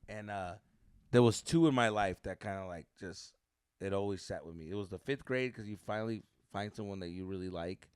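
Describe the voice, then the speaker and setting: A man's voice: fairly low pitch, brisk, a little mellow, clear, resonant tone, no room sound, clean studio sound. A young man co-hosting a podcast, telling a story in casual chat, swearing freely and dropping Spanish slang. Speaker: podcast co-host.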